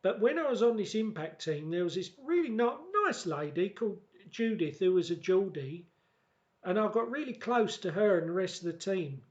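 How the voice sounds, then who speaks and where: High-voiced man with a halting, repetitive delivery. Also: very animated, muffled recording. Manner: halting, repeats words and restarts often. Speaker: vlogger. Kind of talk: casual reminiscing monologue.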